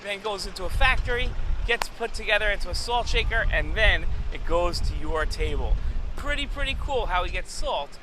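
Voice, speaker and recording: A man's voice: sits high, lively intonation, moderate pace, background noise. A man hosting a children's educational show, upbeat and enthusiastic, repeating phrases for young viewers while recording on his own. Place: alone in a recording space.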